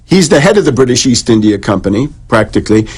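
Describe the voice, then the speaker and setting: A man with a husky, slightly breathy voice holds forth as a radio guest. He lectures in long runs, often restarting and repeating words as he goes. His pitch sits in an ordinary male middle range. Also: very animated, fast talker. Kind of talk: radio interview, lecturing on history.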